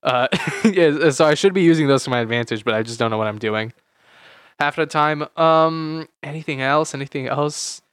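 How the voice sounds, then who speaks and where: A man's voice: a little high, normal speed, a bit bright, smooth, dry recording, studio quality. A young man in his late teens, co-hosting a casual chat podcast, rambling with lots of fillers and repeated words. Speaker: podcast co-host.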